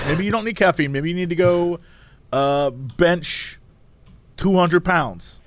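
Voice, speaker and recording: A man co-hosting a casual podcast, joking playfully with bursts of mock excitement. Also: high-pitched, slow, no echo. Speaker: podcast co-host.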